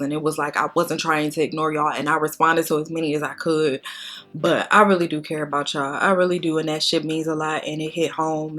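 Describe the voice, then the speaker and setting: Candid tearful woman vlogger, low voice. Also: a bit bright. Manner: candid, profane, tearful and emotional. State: crying. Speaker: beauty vlogger. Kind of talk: casual chat while doing makeup.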